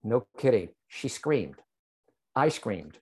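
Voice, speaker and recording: A male psychic medium shares his story with an interviewer slowly, his mid-range voice carrying a breathy edge. Animated and direct with the host, he often checks in by asking "right?" and "okay?"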